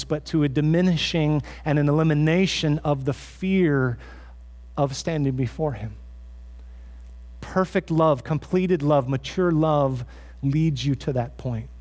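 A man preaching a sermon as pastor in a church, earnest and conversational, often restarting his phrases. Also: a little high.

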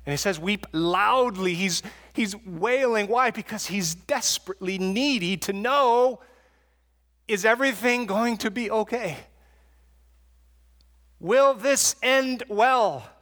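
A man's voice: high-pitched, lively intonation, slow, pauses often, fairly bright tone, in a large hall. A man preaching an expository sermon in an earnest way, often repeating words as he restarts a thought.

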